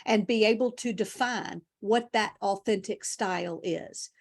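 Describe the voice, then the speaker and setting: A woman's voice: mid-range voice, a little slow. A woman speaker, talking animatedly in a conversational interview and telling her own story. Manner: animated, storytelling, emotional at times. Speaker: keynote speaker, guest.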